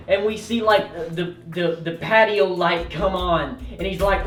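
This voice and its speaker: A young man hosting a comedic story time, animated and quick to yell out loud bits. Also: high voice, far from the mic. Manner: animated, yelling out quoted lines and rushing through bursts. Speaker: storytelling host. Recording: roomy echo, off-mic, faint music.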